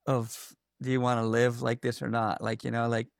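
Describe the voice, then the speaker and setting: A man giving a candid personal account in an interview, halting, with many fillers and restarts. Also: mid-range voice, monotone, vocal fry, no room sound, studio quality.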